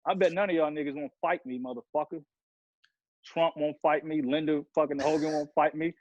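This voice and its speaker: A man's voice: on the high side, steady tone, brisk, a little mellow, no room sound. A man ranting heatedly and profanely on a podcast, rambling from one grievance to the next. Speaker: podcast guest rapper. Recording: dull lo-fi sound.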